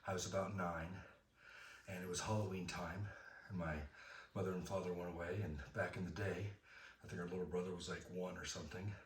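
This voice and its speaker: A man's voice: low voice, fairly even intonation, fairly quick, slight background noise. A middle-aged man from Southern California, rambling through a self-deprecating personal story with fillers and restarts. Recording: roomy, from a distance.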